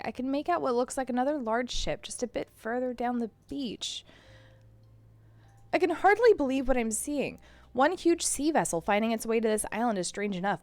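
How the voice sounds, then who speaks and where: Expressive woman narrating a story. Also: high voice, no echo. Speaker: streamer reading a story game aloud. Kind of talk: first-person story narration.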